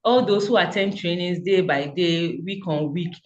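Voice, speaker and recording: A woman's voice: lowish voice, normal speed, darkish tone, muffled recording. A woman giving a fervent, encouraging testimonial about her community, speaking over a video call. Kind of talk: earnest motivational speech.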